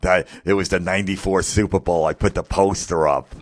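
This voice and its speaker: A man doing a slow, dim-witted voice for a dopey middle-aged sports-obsessed man. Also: sits low, steady tone, no room sound, lightly acted. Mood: dopey, earnest. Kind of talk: stand-up rant impression.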